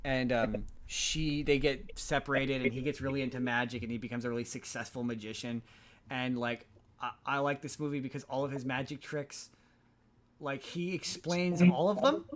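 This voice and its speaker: A man's voice: mid-range voice, fairly even intonation, normal speed. A man hosting a podcast, recapping a movie plot in a loose, rambling way with many restarts. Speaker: podcast host.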